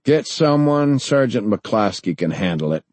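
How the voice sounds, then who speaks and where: A defiant general, as a male narrator plays him barks short, blunt orders. The voice is dark and husky, recorded close and dry. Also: lowish voice, sing-song, a little slow, no echo, pitched above the performer's own voice. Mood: curt. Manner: blunt, curt, commanding.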